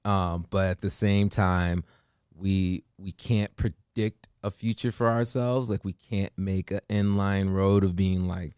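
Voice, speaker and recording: An American man hosts a morning show, chatting casually and acting out what other people said, restarting himself often. His voice sits low and moves a little slowly, with a clear, resonant tone. The recording is clean studio sound with no echo.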